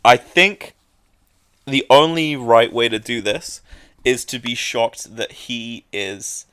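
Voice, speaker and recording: A man co-hosting a podcast in casual chat, talking haltingly with lots of fillers and restarts. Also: mid-range voice, a bit bright, clean tone, dry recording, studio quality. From England. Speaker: podcast co-host.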